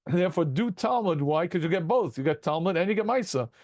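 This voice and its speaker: A man teaching a Talmud class to students over a video call, asking rhetorical questions and breaking into quick chuckles. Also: high voice, dry recording, studio quality. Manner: animated, rhetorical questions, addresses students as gentlemen; self-deprecating chuckles, quick asides.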